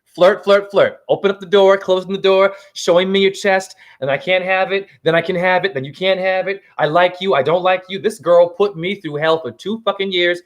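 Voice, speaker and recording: A man's voice: high-pitched, fairly even intonation, normal speed, few pauses, dull audio. A man giving a profane, rambling, heated livestream rant as a self-styled spiritual teacher.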